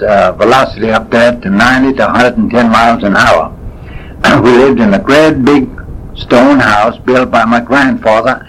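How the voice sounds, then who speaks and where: A man, telling folksy stories from his past in a rambling, unhurried way. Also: medium pitch, fairly bright tone, husky, poor audio. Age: 80s. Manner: folksy, unhurried, drifting with fillers and self-corrections. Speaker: storyteller. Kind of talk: rambling spoken reminiscence.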